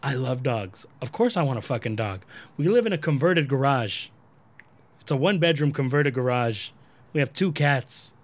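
A man hosting a podcast, chatting casually and telling a profane, animated story in which he acts out both sides. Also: mid-range voice, moderate pace. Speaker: podcast host.

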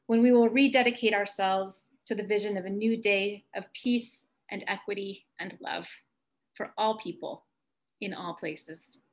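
Woman welcoming a Christmas Eve congregation. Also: medium pitch. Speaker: worship leader. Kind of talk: welcome at a church service.

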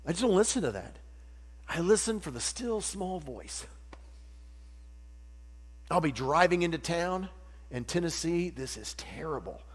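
A man preaching a sermon, animated and jokey, acting out little voices as he teaches. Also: fairly high pitch, a little slow, long pauses, breathy edge. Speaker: pastor. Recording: long hall reverb with mains hum.

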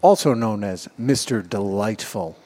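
A man's voice: lowish voice, measured pace, warm tone. A man hosting a cigar podcast, introducing his co-hosts with jokes in casual chat. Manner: jokey, introduces the panel. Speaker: podcast host.

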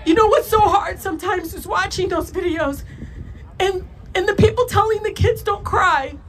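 A woman speaks in a very high pitch, emotional and close to tears as she addresses a crowd. Her delivery swells into raised, impassioned outbursts. A faint hiss of noise sits under the recording. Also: moderate pace. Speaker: politician giving a speech. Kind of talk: impassioned public speech.

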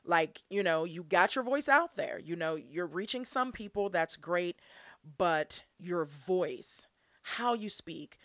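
A woman's voice: lowish voice, animated, slow pace, fairly bright tone, dry recording, clean studio sound. A young woman hosting her own podcast, talking earnestly and from the heart, laughing often as she goes. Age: young adult. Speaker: podcast host. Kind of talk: solo podcast monologue.

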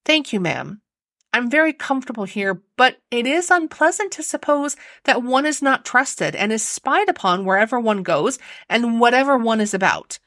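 A woman's voice: a little high, sing-song, normal speed, fairly bright tone, no room sound, clean studio sound. A woman voicing an anxious young parlor maid in a storybook reading, respectful and apologetic.

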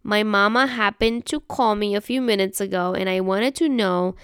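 A woman with a remarkably smooth, resonant voice speaks in a casual solo monologue. She is chatty and keeps checking in with her listener. She explains things patiently, and the sound is dry and close. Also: medium pitch, normal speed, a bit bright, no echo. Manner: explains patiently, spelling words out.

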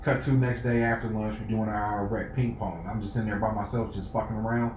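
A man co-hosting a podcast, telling a story in casual, profane chat and loudly acting out what people said. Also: on the low side, fairly quick. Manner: animated, profane, acts out quoted lines loudly. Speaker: podcast co-host. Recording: echoey room with faint noise.

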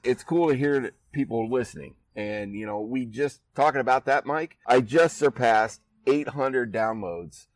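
A laid-back Iowa man hosts a casual podcast from his backyard, chatting loosely in a mid-range voice at a moderate pace with hardly any pauses and frequent laughs. The audio is poor, recorded from a distance yet dry and close, with no room sound.

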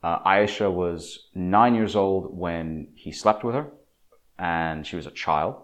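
A man with a deep, low voice delivers a long, opinionated monologue at a slow pace. He's emphatic and preachy, often stumbling, restarting and repeating words as he presses his point.

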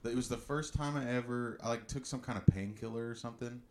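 A fast-talking man with a medium-pitched voice co-hosts a podcast, telling stories in a casual chat. He's an animated storyteller who swears freely, with slight background noise in the recording.

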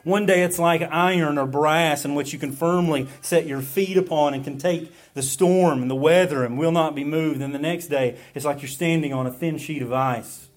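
Slightly high-voiced male preacher. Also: moderate pace, hardly any pauses. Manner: expository preaching with rhetorical questions, frequent fillers. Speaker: pastor. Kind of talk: sermon.

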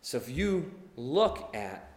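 A male pastor preaching a sermon in an animated way, acting out the people he talks about. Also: medium pitch, slow. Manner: animated, acts out quoted voices. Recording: echoey hall with long reverb.

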